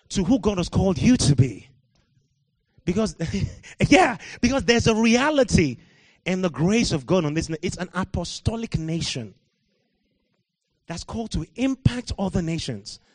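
A man from Africa preaching a sermon, swinging from quiet, musing talk to loud shouting and laughing at himself. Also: sits high, big pitch swings, unhurried, long pauses, no room sound.

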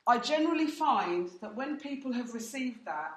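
In an echoey room recorded from far off, a woman with a somewhat high, slightly bright voice and lively intonation runs a church training session at normal speed. Her teaching is direct and anecdotal, and she acts out quotes from her own stories.

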